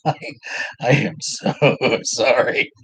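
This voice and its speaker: A man's voice: medium pitch, steady tone, takes it slowly, a bit bright, slightly rough, no room sound, low-quality recording. A man streaming, chatting casually and laughing often while he saws and files at a workshop project, rambling and joking at his own expense.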